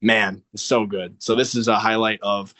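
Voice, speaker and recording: A man's voice: on the low side, little pitch movement, normal speed, sharp tone. Earnest young man gushing about music. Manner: earnest, enthusiastic, many ums and you-knows. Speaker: podcast co-host. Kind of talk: casual chat.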